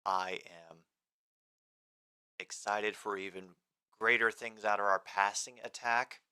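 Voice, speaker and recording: Bright, crisp-voiced male stream host. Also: fairly low pitch, fairly even intonation, slow. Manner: rambling, reads and answers chat comments. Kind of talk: casual live game commentary.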